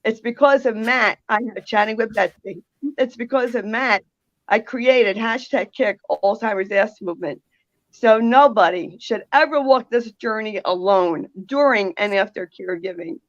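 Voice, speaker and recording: A woman's voice: on the high side, normal speed, no echo, highs cut off. A woman with a New Jersey accent, a guest on a video call, speaking emphatically and from the heart. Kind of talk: conversational interview.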